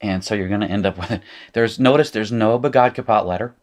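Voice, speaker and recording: Deep-voiced Appalachian man teaching. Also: fast, a little mellow. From North Carolina. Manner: casual, self-correcting explainer who laughs at his slips. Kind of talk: recorded lecture.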